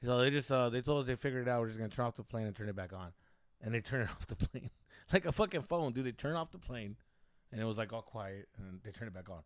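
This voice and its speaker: A young man co-hosting a podcast, telling stories in a casual, profane, animated way with lots of fillers. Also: mid-range voice, fast, no echo, studio quality. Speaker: podcast co-host. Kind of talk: casual storytelling chat.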